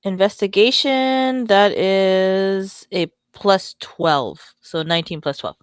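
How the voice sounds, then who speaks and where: A woman's voice: medium pitch, takes it slowly, no room sound, studio quality. A woman playing a tabletop game, chatting casually and describing her character's actions in the third person. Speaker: player.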